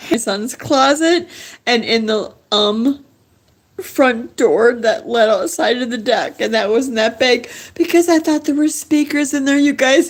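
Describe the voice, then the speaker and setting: A middle-aged woman on a livestream, rambling in an agitated, pleading monologue. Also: high voice.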